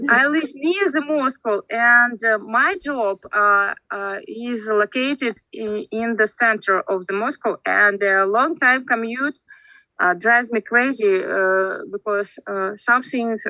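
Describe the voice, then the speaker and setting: Russian-accented woman, thirties, slow halting speech, higher voice, dry muffled call audio. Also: pushed and bright, no echo. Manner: hesitant, searching for words, giggly. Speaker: speaking club member. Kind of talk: casual group chat in English.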